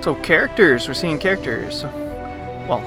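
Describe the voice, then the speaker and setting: A man hosting a let's play, reading a visual novel's narration aloud and breaking off into animated, joking rants. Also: a little high, measured pace, over music. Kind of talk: reading game text aloud with commentary.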